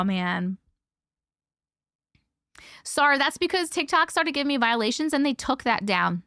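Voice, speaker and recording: Her voice on the high side and sharp in tone, this live stream host speaks animatedly at a moderate pace with long pauses, in a dry, clean studio recording. She reads viewer stories, rambles casually, swears freely, and thanks viewers by name while reading their comments.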